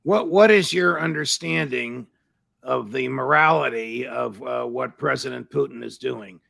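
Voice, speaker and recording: A man's voice: mid-range voice, a little slow, gravelly, fairly bright tone. An older man hosting an interview, introducing his guest and asking long questions in formal, elaborate phrasing. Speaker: host.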